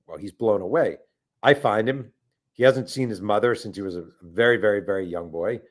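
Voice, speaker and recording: A man's voice: on the low side, moderate pace. A middle-aged man, an author guest, telling a story animatedly in a casual interview and acting out the voices he quotes.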